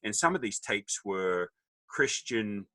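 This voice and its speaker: Aussie guy in his middle years spinning funny stories on a podcast, bright punchy voice, does little voices for people. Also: fairly low pitch, slow pace, no room sound. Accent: Australian. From Australia. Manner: animated, jokey, acts out quoted voices. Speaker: podcast guest. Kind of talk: casual storytelling.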